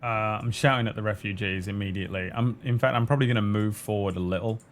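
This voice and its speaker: A man's voice: on the low side, fast talker, slight background noise. A man playing a tabletop game, talking casually and swearing freely. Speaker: player.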